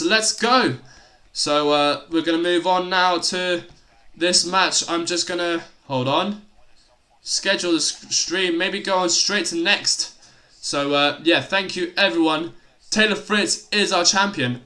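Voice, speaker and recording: High, bright-voiced excitable young commentator. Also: male voice. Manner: exclaims loudly at big points, casual chatty asides. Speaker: livestream tennis commentator. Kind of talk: excitable live play-by-play commentary.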